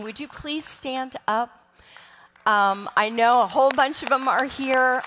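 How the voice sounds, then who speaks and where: A middle-aged woman who runs a church's children's ministry preaches to the congregation in a large sanctuary, earnest and emotional, with frequent ums. Her fairly high, fairly bright voice is animated and measured, with slight background noise and a long church-hall reverb.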